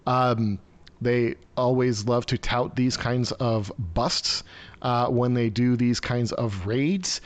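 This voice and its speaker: A man's voice: mid-range voice, unhurried. A man hosting a live stream over a video call, giving rambling, sarcastic news commentary full of fillers and restarts.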